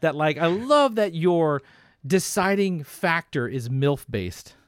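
A man's voice: fairly high pitch, sing-song, takes it slowly, a little hiss or hum. A man co-hosting a casual podcast, telling stories animatedly with laughs and swearing. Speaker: podcast co-host. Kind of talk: casual chat.

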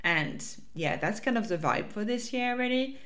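A woman's voice: fairly high pitch, lively intonation, moderate pace, fairly bright tone. A woman with a French accent hosting her own podcast as a life coach, talking casually and upbeat with fillers and restarts.

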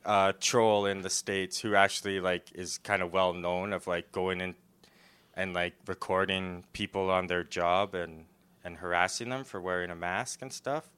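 A man's voice: sits low, fairly even intonation, moderate pace, fairly bright tone, clear, resonant tone. A young man in casual chat, telling a rambling story and laughing often.

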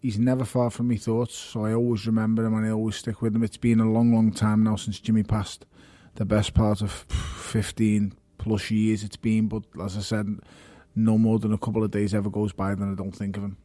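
A man's voice: fairly low pitch, completely flat delivery, brisk, hardly any pauses, dark tone, no room sound. A man speaking as a guest, frank and reflective.

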